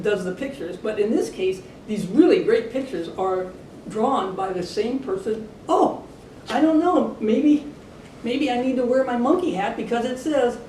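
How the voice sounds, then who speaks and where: A woman reading a picture book aloud to children, chatty and animated, stopping for asides to the kids. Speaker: storybook reader for children. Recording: echoey room, distant mic, low rumble.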